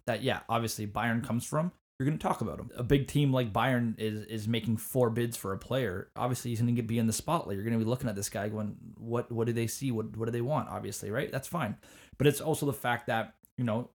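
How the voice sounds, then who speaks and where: Casting: male podcast host, casual and animated, stumbles into his points. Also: mid-range voice. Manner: animated, repeats words when starting a point. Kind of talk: casual sports podcast chat.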